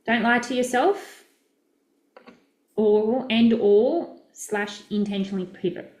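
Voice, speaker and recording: A woman's voice: on the high side, slow, darkish tone, echoey room. A middle-aged Australian woman coaching in a chatty, direct, upbeat way during a casual live stream. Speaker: business coach.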